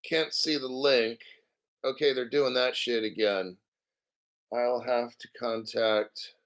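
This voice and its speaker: A man hosting a crypto livestream, reading an article aloud with profane, sarcastic rambling asides and frequent throat-clearing. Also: mid-range voice, fairly even intonation, slow pace, a bit bright, poor audio. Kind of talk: profane ranting commentary while reading an article.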